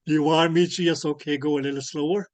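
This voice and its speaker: A man teaching ultrasound physics in an online lecture over a computer microphone. He keeps checking whether students follow by asking "clear?", and he fills his sentences with "okay, yes". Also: fairly high pitch, fairly even intonation, quick pace, no echo. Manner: peppers speech with filler "okay, yes". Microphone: computer mic on a video call.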